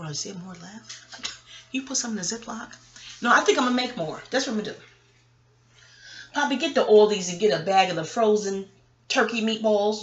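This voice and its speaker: A woman's voice: fairly high pitch, fairly bright tone. A woman vlogger talking in a blunt, rambling casual monologue, swearing often and drifting into chatty asides.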